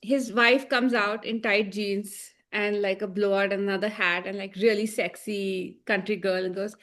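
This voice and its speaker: A woman's voice: mid-range voice, steady tone, moderate pace, fairly bright tone. A woman co-hosting a casual review chat, ranting emphatically with sarcasm and plenty of swearing. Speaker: co-host.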